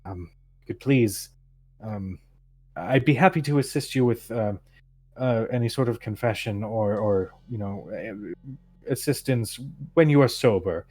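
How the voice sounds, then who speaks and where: Courteous temple priestess, voiced by a male game master, formal and apologetic, gently hesitant. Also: lowish voice, measured pace, slightly rough, no echo. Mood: pleading. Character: patient, polite female temple priestess.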